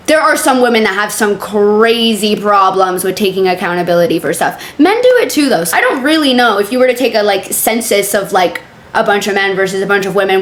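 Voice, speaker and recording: A woman hosting a casual reaction video, chatty and profane, with quick sarcastic asides. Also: mid-range voice, echoey room.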